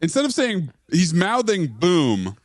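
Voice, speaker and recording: Man, podcast co-host, lively swooping pitch, dry close sound, joking banter. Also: measured pace, dry recording. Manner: joking, animated riffing. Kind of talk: casual comedic chat.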